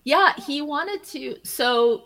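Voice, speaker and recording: A woman being interviewed, telling stories in an animated way, often laughing and repeating her first words as she starts a thought. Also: high voice, slow pace, a little hiss or hum, low-quality recording. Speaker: interview guest. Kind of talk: casual interview conversation.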